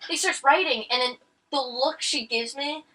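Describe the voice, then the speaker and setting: A young woman tells stories in a casual, animated way while gaming, swearing freely. Her voice is high and bright. She is heard from a little away from the mic. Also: moderate pace, recorded from a distance. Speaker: gaming channel co-host. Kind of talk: casual storytelling over gameplay.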